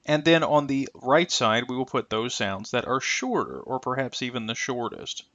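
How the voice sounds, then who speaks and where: Man, pronunciation teacher, bright lively voice, dry slightly muffled recording. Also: medium pitch, dry recording. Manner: careful, deliberate, stretches example sounds. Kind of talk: scripted instructional narration.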